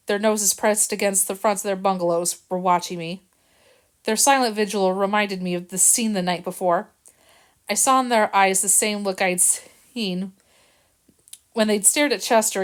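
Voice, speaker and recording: A woman reading a children's novel aloud in a quiet, earnest way, stumbling over a word now and then. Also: mid-range voice. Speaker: reader.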